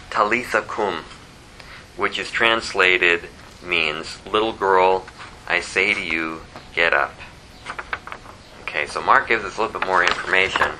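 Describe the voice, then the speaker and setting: A man teaching verse by verse from the Bible, lively and conversational, who chuckles at his own asides. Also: sits low, slight background noise, poor audio.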